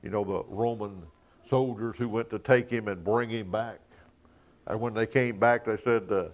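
Preaching man, low voice, swelling emphasis. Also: normal speed. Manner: swells from quiet asides to loud, high-pitched emphasis; chuckles between points. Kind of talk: sermon.

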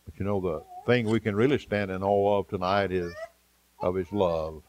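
A man preaching an evening sermon, with a rhythmic delivery that rises for emphasis and drops soft and low. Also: fairly even intonation, moderate pace, no echo.

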